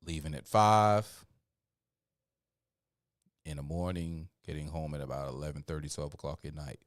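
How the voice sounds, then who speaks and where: A man hosting a livestream, sounding tired and talking casually, with many fillers and shout-outs. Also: very deep voice, steady tone, normal speed, no echo, clean studio sound. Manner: preachy build-up then laid-back rambling. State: tired, yawning. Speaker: livestream host.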